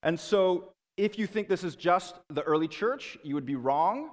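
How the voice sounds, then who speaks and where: Lively male lecturer in an echoing hall. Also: sits high, moderate pace. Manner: lively and conversational, checks in with listeners often. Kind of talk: classroom lecture.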